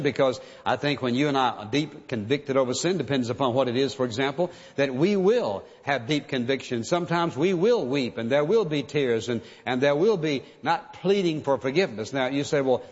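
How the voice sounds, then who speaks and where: A man preaching a sermon in an earnest, conversational way, now and then acting out pleading prayers. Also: medium pitch. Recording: muffled sound in a large reverberant hall.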